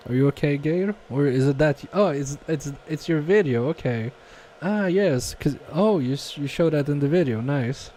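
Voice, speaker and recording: A man's voice: fairly high pitch, animated, normal speed, hardly any pauses, mellow, a little hiss or hum. A man casually live-streaming a repair from his home workbench, reading viewer chat aloud and muttering to himself with self-mocking humor.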